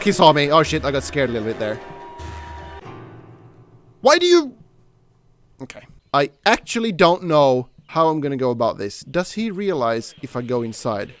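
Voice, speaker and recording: A fairly high, lively male voice talks through a horror game in a loose, casual way. He gets jumpy, swears freely and yells at the character chasing him. Faint music plays underneath. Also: normal speed, pauses often. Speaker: gameplay commentator. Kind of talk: casual let's play commentary.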